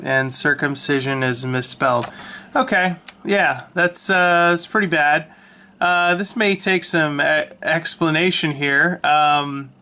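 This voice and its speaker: A man casually talking through his old sketchbook, relaxed and self-mocking, with lots of ums and restarts, recorded on a handheld camera. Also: a little high, clear, resonant tone. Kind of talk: casual rambling commentary. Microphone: handheld camera mic.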